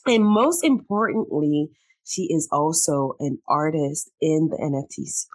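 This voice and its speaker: A woman hosting a podcast, chatting casually with a guest, bubbly and quick to laugh, sometimes getting emotional. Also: low-pitched, animated, darkish tone. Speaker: podcast host. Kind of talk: casual interview chat.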